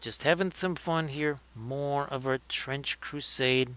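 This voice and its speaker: A man's voice: mid-range voice, takes it slowly, fairly bright tone, clean tone. A man hosting a livestream, chatting casually and joking as he talks through painting his miniatures. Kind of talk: casual live commentary.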